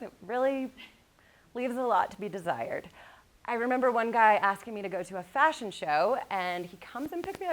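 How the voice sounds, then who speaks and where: Animated woman telling stories to a crowd. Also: fairly high pitch. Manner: animated storytelling, laughs often, addresses the crowd. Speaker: motivational speaker. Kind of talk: live motivational talk. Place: in front of a live audience.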